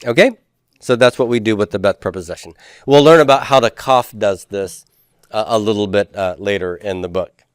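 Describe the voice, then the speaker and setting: A man's voice: lowish voice, moderate pace, clean tone, no room sound, studio quality. A male teacher, giving a patient classroom lecture and leading his students through call-and-response drills.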